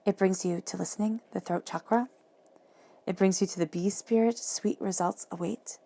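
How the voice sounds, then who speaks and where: A woman giving a monthly tarot reading, talking softly and reflectively and repeating phrases for emphasis. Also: mid-range voice, fairly even intonation, normal speed, gravelly. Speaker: tarot reader.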